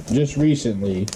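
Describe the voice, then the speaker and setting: A man telling a story in a casual monologue, blunt and profane, swearing constantly and pausing often as he goes. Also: medium pitch, background noise.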